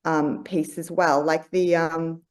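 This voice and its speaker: A woman's voice: deep voice, flat delivery, slow pace. A woman speaking as a podcast guest, reflective and searching for words, with many fillers and restarts. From Australia. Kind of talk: reflective conversation.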